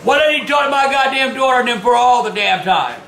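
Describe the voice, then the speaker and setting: An older man telling stories in a foul-mouthed, blustering way that often breaks into shouting. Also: extremely high pitch, animated, a little fast, creaky, slight background noise. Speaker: storytelling vlogger. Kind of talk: profane storytelling.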